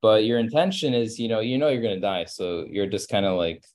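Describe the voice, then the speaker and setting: A man's voice: on the low side, expressive, fairly quick, a little mellow. Hesitant man asking in class. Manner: hesitant, many fillers. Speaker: student.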